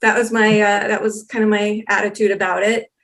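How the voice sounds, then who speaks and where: A woman's voice: medium pitch, fairly quick. A woman guest on a podcast, telling a long personal story in casual chat and acting out the exchanges she recounts. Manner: animated storyteller, acts out quoted exchanges. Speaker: documentary filmmaker guest.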